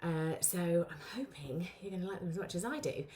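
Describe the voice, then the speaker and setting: In a warm, animated voice on the low side, a woman leads a live beading tutorial at a moderate pace. She sounds out of breath, keeps things chatty and informal, uses many fillers, and says hello to viewers by name.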